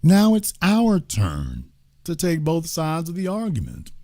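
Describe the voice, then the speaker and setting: Animated sarcastic male commentary host. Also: measured pace, gravelly. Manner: emphatic, sarcastic, taunting, swings between loud outbursts and low asides. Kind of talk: heated political monologue.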